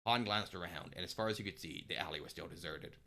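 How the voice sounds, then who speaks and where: A man narrating a story aloud on a live stream, steady with small restarts. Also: low voice, fast talker, gravelly.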